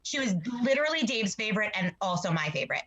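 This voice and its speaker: A woman co-hosting a live podcast over a video call, her voice bright and forward. She talks effusively, wandering into asides and fillers. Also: mid-range voice, sing-song, fast talker, dull audio. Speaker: podcast co-host. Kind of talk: casual interview chat.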